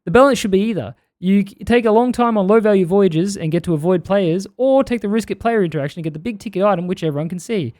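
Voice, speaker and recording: A man's voice: high voice, fast, few pauses, a little mellow, no room sound, studio quality, close to an everyday voice. A man doing a wobbly put-on Kiwi accent. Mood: earnest. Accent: put-on New Zealand accent drifting toward Australian. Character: man reading a long viewer comment in a put-on Kiwi accent.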